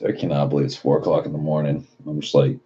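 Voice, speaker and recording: A man's voice: very deep voice, flat delivery, fast talker, warm tone, highs cut off. A man live streaming late at night in a casual, profane way, reading chat messages aloud and riffing on them.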